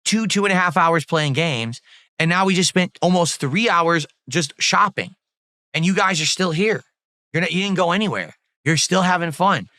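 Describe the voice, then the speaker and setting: Bright-voiced chatty male streamer. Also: on the high side, dry recording, studio quality. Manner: effusive, rambling, thankful, swears casually. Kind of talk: casual livestream chat.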